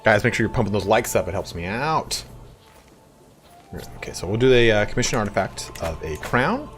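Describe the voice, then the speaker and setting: A deep-voiced man talking through a strategy game on a stream. He is relaxed and chatty, says "dude" often, and soft music runs quietly underneath. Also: normal speed. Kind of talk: casual gaming commentary.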